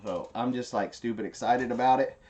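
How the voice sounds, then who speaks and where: A woman's voice: rumbling low, fairly quick, a little mellow, a little hiss or hum. Woman, casual live-stream chat, rambling, giggly. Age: adult, a parent. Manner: chatty, rambling, giggly asides. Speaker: livestream host.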